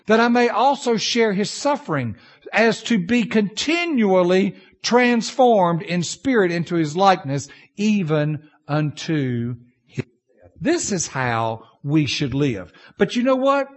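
Delivering a sermon slowly, this pastor uses a high, very animated voice with pitch that roams freely from start to finish. His homespun stories shift between loud bursts and quiet, confiding asides to the congregation.

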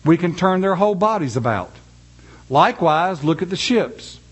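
This preacher has a fairly high, husky voice and lively intonation. He addresses his congregation by reading scripture slowly and deliberately, then turns to a homespun, chatty anecdote.

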